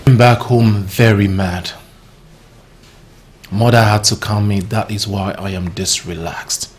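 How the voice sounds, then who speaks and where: An actor playing a stern, protective brother who scolds emphatically, with a Nigerian English accent. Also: male voice, lowish voice, fairly even intonation, takes it slowly, reverberant, slight background noise. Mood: scolding. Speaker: actor in a film.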